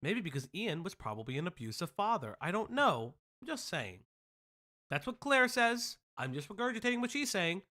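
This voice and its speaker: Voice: medium pitch, very animated, normal speed, sharp tone. A commentary stream host talking to chat over a played video, sarcastic and pointed, firing off rhetorical jabs. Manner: chewing while talking at times.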